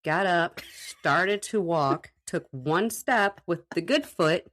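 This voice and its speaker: A woman with a slightly low voice tells a story in a casual podcast chat. She is animated and swears freely. She speaks from her home recording room. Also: takes it slowly. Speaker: podcast co-host.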